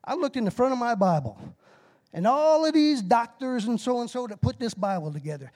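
Middle-aged lay preacher with a high, light voice. Folksy and fired up, calls for responses and whoops. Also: male voice, brisk. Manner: excitable, bursts into shouted whoops; folksy, self-deprecating about his nerves. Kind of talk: short timed sermon with call-and-response.

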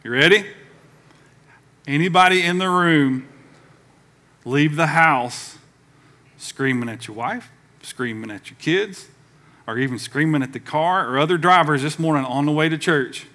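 A middle-aged pastor preaches to his church. His bright voice sits a little high, and he keeps it conversational, slipping into the voices of the people he quotes. The feel is a live sermon in a sanctuary. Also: a little slow, pauses often.

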